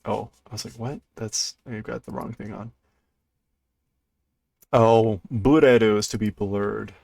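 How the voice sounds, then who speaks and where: A man's voice: on the low side, fairly even intonation, a little slow, gravelly, darkish tone, no room sound. A man live-streaming a read-through of a manga, translating as he goes and thinking aloud, stumbling and correcting himself with light laughs at his own mistakes. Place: indoors at his computer.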